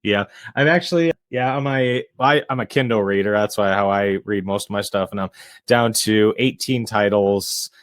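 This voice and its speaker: Low-voiced man speaking in a dry room. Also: a bit bright, no room sound. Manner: measured, self-described introvert, frequent "you know" fillers. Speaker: real estate investor and realtor guest. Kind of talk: casual podcast interview. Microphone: podcast microphone.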